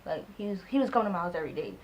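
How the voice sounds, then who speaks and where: Animated young woman telling a storytime. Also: fairly low pitch, very fast, slight background noise, low-quality recording. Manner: animated, acts out both sides of conversations; heavy use of "like" as filler. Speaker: vlogger. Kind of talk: casual storytime.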